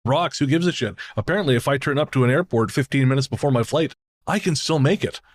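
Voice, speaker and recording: A man's voice: medium pitch, expressive, fast. A man from Canada co-hosting a podcast, chatting casually, telling stories with laughs and the odd swear. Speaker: podcast co-host. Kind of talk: casual chat.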